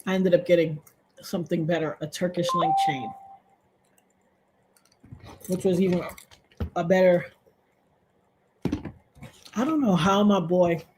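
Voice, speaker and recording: A woman hosts a livestream, animatedly and casually relating a personal story and jumping to loud, high exclamations. A faint hiss or hum sits under the audio.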